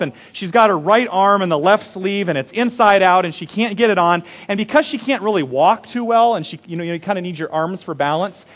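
A young adult man preaching, his voice sitting a little higher than most men's. He tells his story in an animated way, pushing loud on the busy parts and dropping to a hushed hush on the tender ones. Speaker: pastor. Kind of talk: sermon.

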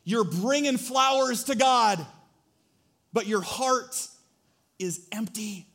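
A man's voice: very high voice, slow, a bit bright. A young man preaching a sermon, joking and acting out little scenes as he tells a story. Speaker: pastor.

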